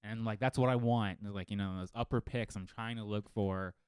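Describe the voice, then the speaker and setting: A man co-hosting a casual fantasy football podcast, telling stories in a lively, profane way from a home studio. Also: fairly low pitch, moderate pace, smooth, dry recording. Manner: animated, profane storytelling. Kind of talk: casual chat. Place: home studio living room.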